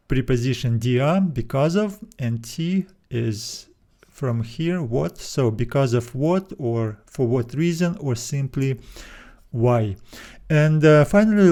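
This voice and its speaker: A man teaching a video lesson, patiently explaining and slowing down to spell out words. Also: medium pitch, warm tone. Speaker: Greek teacher.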